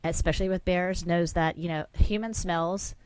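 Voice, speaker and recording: A woman's voice: fairly low pitch, fairly even intonation, moderate pace, darkish tone, dry recording, rough recording. A woman reading pet news on a radio show and giving her frank opinions as co-host. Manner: crisp news read, then frank and opinionated.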